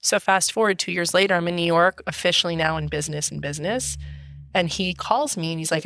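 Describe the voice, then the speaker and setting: A woman's voice: on the low side, a little fast, a bit bright, slight background noise. A woman guest on a podcast, chatting casually, telling stories, acting out quotes and laughing often. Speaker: guest, event designer.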